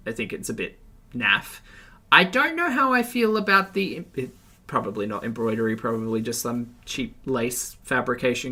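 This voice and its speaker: A man's voice: medium pitch, sharp tone. A man giving sarcastic, chatty reaction commentary on a livestream. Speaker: commentary streamer.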